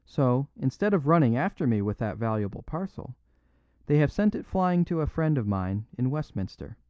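A man's voice: medium pitch, big pitch swings, moderate pace, no echo, highs cut off, voice pushed up, natural voice. Father Brown, a man reading a mild little priest. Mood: mild apologetic. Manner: simple, unaffected, gently apologetic. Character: mild, modest little English priest, apologetic.

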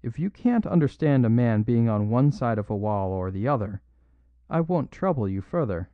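A man doing a sharp, impatient doctor. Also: mid-range voice, sing-song, moderate pace, dry recording, lightly acted. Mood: exasperated. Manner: sharp, exasperated questioning. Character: impatient rationalist male doctor, sharp and quick to anger. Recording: dull lo-fi dry recording.

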